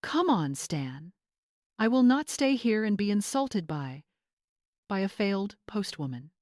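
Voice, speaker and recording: A woman voicing a snobbish middle-aged mother with a shrill, indignant manner. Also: sing-song, a little slow, a little mellow, no echo, studio quality.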